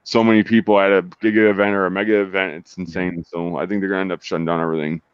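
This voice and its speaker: A man hosting a casual online group chat, putting questions to his guests at a rapid clip. His voice is low and smooth. The sound is dry and dull, like lo-fi call audio. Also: level tone, no echo.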